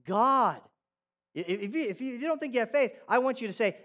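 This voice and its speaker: A man preaching a sermon, swinging between loud declarations and quiet asides, putting questions to his congregation. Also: very high-pitched, animated, quick pace. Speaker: pastor. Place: church.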